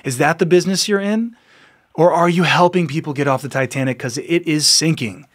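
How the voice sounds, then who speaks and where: A man with a fairly high speaking voice hosts a podcast and delivers a passionate motivational monologue straight to his listeners. He exhorts them earnestly, repeats his words as he builds momentum, and breaks into laughter now and then. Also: a little fast. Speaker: podcast host.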